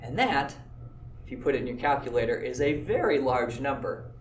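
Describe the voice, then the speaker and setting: A man's voice: mid-range voice, big pitch swings, a little fast, echoey room, recorded from a distance, a little hiss or hum. A man teaching a math lesson, explaining step by step in an easygoing way with occasional filler words. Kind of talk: classroom lecture video.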